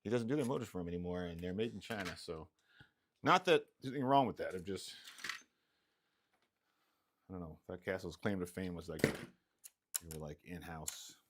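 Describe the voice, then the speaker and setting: A man's voice: low-pitched, moderate pace, pauses often, background noise. A man chatting casually and mumbling to himself while he builds RC cars, rambling and playful. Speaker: hobbyist streamer building RC cars. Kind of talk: casual talk while working.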